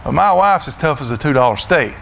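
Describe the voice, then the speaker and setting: A middle-aged man with a Southern US accent preaching a sermon in a church, folksy and loud, often repeating his words as he goes. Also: a little high, expressive, fairly quick, gravelly, slight background noise. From Florida, USA. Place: church sanctuary.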